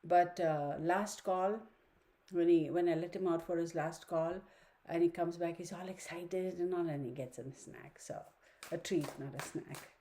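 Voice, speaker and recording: A woman's voice: fairly low pitch, steady tone, unhurried, dark tone. A woman giving a chatty, opinionated tarot reading from her home study, talking to viewers and her dog. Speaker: tarot reader. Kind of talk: casual online tarot reading.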